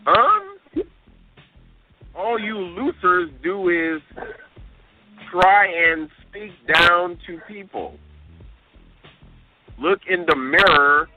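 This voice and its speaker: A man's voice: sits high, slow pace, long pauses. A man co-hosting a talk radio show, reading out listener emails with exasperated, disbelieving outbursts. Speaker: radio co-host. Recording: tinny phone-line radio sound with music.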